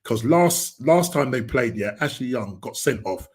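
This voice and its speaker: A man hosting a football podcast, talking in a rambling, excitable way with lots of restarts. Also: mid-range voice, measured pace. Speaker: podcast host. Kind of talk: casual football chat.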